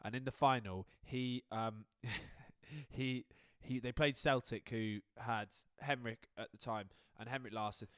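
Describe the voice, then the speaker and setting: A man's voice: medium pitch, steady tone, a little slow, a bit bright, no echo, studio quality. A man co-hosting a podcast, chatting about football in a casual, sweary, joking way. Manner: swearing, laughing banter. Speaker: podcast co-host.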